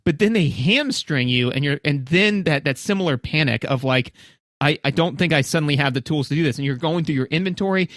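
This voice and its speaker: A man in his thirties co-hosting a casual podcast, talking in an animated way and acting out his own reactions. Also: mid-range voice, no echo, clean studio sound. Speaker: podcast co-host. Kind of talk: casual chat.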